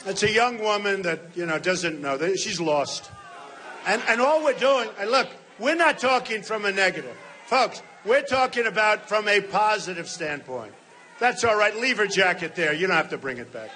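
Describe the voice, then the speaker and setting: Man in his sixties, campaign rally speech, emphatic, repetitive, high pitch, faint background noise. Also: animated, normal speed. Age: 60s. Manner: emphatic, repetitive, off-the-cuff, addresses the crowd. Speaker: political candidate. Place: large event hall.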